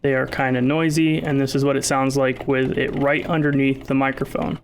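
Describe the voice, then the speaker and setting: A man doing microphone tests, reading lines in a steady, even way. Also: medium pitch, a little fast, a little hiss or hum. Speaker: tech reviewer.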